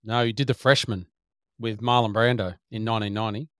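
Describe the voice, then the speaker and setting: A man co-hosting a movie podcast, briskly reading out trivia about actors. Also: fairly low pitch, steady tone, fairly bright tone, clean tone, no room sound, clean studio sound. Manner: brisk, reads out facts. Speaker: podcast co-host presenting trivia. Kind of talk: casual movie podcast chat.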